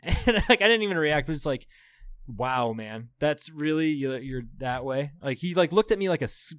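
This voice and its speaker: On a dry, studio-quality recording, a man around thirty with a voice on the high side co-hosts a podcast. He trades profane, animated stories in casual talk, laughing frequently.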